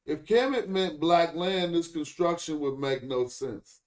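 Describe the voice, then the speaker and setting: A man's voice: a little high, lively intonation. Man thinking aloud on a livestream. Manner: thinking aloud, sounding out words slowly. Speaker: livestream host. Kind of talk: casual livestream study talk.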